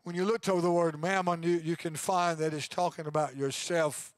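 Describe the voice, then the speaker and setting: A man in his sixties preaching a sermon as pastor, swinging between loud preaching and quiet asides. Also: fairly high pitch, steady tone, moderate pace, dry recording.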